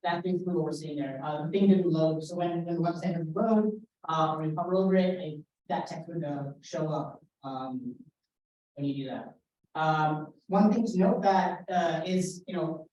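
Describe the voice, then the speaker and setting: Young woman instructor, halting delivery full of fillers, warm tone, recorded from a distance in a lecture room. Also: on the low side, lo-fi sound. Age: young adult. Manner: hesitant, many fillers and restarts. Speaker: workshop instructor. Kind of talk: casual classroom lecture. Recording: roomy echo, voice from afar.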